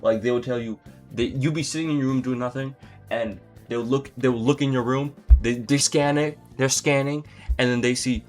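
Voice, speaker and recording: A man's voice: medium pitch, fairly even intonation, moderate pace, soft background music. A young man doing a comedic rant to camera, exasperated and incredulous, with exaggerated outbursts. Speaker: comedy vlogger.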